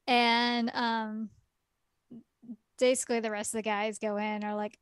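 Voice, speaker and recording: A chatty woman with a slightly high voice, telling a story in relaxed podcast style. Her speech is full of "like" and "um", with quick laughs and exclaimed asides. The recording is dry and close, with no room sound. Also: clear, resonant tone, dry recording. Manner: chatty, filler-heavy retelling with lots of "like" and "um". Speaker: podcast co-host reviewing a game. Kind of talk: casual podcast chat.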